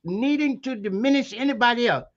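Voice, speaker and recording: A man's voice: very high voice, expressive, fairly quick, muffled recording. A man from Maryland's Eastern Shore with a Maryland Black vernacular accent, a university lecturer speaking as an interview guest in an emphatic, preacherly way with many rhetorical questions. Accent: Maryland Eastern Shore, African American Vernacular. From Maryland Eastern Shore, USA. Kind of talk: impassioned interview talk.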